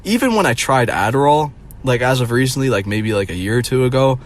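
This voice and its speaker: A young man talking straight to his viewers in a loose, rambling rant. He swears freely and fills his sentences with "like" and "um" at an ordinary middle pitch. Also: lively intonation, fairly quick. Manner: rambling, swearing, many fillers. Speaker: vlogger. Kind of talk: casual rant to camera.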